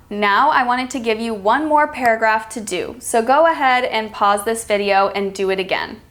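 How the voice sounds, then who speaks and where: A woman with an American accent teaching a pronunciation lesson, speaking clearly and stressing words with care. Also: fairly high pitch, moderate pace, few pauses, fairly bright tone. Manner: calls herself extremely sarcastic. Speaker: accent coach. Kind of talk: teaching lesson with read-aloud examples.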